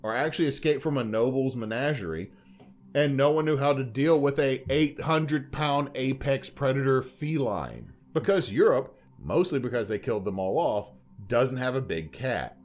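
A young man co-hosting a podcast in casual chat, telling stories in a rambling, animated way full of tangents. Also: medium pitch, moderate pace. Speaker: podcast co-host.

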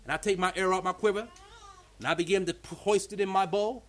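A male pastor preaches a fervent sermon at a church meeting, calling out to the congregation for responses. His voice sits high for a man and rides a rousing, rhythmic cadence. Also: fairly even intonation, fast talker.

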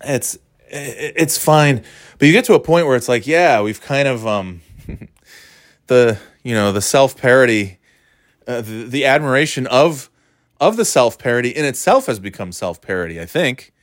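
A man's voice: medium pitch, animated, normal speed, dry recording, clean studio sound. A man from the US East Coast talking casually to camera, rambling and sardonic, with many restarts and fillers. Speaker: vlogger.

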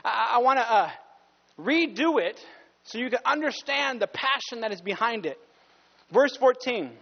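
A man's voice: extremely high pitch, lively intonation, moderate pace, vocal fry, big-room sound, muffled recording. A male pastor preaching a sermon with passion, sometimes stopping to correct himself.

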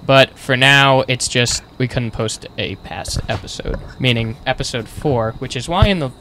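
A man's voice: mid-range voice, moderate pace, sharp tone, a little hiss or hum. A man co-hosting a casual podcast chat among friends, joking and sarcastic, sometimes explaining things to listeners. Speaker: podcast co-host.

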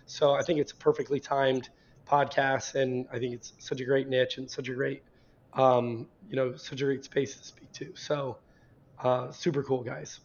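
Hoarse man, from northern New Jersey, flat even delivery, dull lo-fi recording, rambling guest chat. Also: mid-range voice, moderate pace, slight background noise. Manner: rambling, repeats words when starting thoughts. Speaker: podcast guest. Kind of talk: casual interview chat. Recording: dull lo-fi sound.

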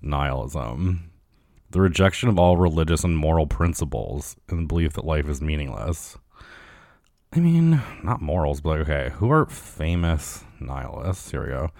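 A man's voice: very deep voice, expressive, moderate pace, gravelly, darkish tone, no room sound, clean studio sound. A young man hosting a solo podcast, rambling in casual chat full of fillers and swearing. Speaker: podcast host.

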